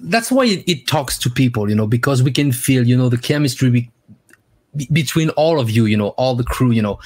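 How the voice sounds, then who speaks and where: A man hosting an online interview. He speaks in English with eager enthusiasm. He pauses and restarts often, leaning on filler phrases. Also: mid-range voice, lively intonation, darkish tone, breathy edge. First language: French. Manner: enthusiastic, halting, many "you know" fillers. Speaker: interview host. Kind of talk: casual interview chat.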